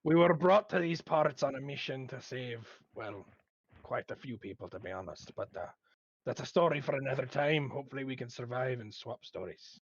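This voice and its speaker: A man's voice: medium pitch, animated, moderate pace, husky, dry recording. A man playing his character in a tabletop game, speaking politely. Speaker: player. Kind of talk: in-character tabletop role-play. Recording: slightly dull, dry mic.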